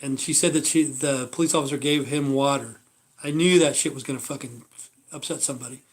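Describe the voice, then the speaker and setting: An American man in his fifties hosts a livestream, his husky mid-range voice moving a little fast with fairly even intonation. He rambles bluntly in casual talk, swears constantly, and trails off with "you know."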